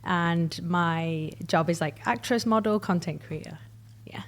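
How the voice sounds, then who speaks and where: A woman's voice: fairly low pitch, measured pace. A woman with a Manchester accent, a guest in a casual chat, telling stories and laughing often. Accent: Manchester English. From United Kingdom. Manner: giggly, chatty storyteller.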